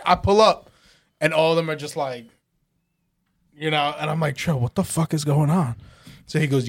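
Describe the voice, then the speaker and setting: A young man, telling stories in a casual chat, animated and swearing a lot. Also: a little high, normal speed, pauses often, dry recording. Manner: animated storytelling, heavy swearing. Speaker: podcast co-host.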